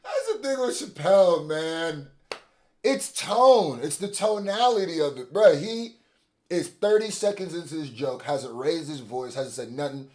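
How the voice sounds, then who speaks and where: An excitable man hosts a casual reaction video, his voice swinging widely from low to high as he hypes things up. His pitch sits somewhat high for a man, and his energy comes in sudden bursts. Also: unhurried. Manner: animated, excitable, bursts of hype.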